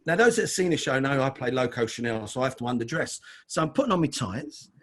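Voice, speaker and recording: A man's voice: mid-range voice, very animated, fast talker, a bit bright. A middle-aged man, telling stories as an interview guest in a chatty way. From London. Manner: chatty, calls the host mate. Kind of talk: casual storytelling.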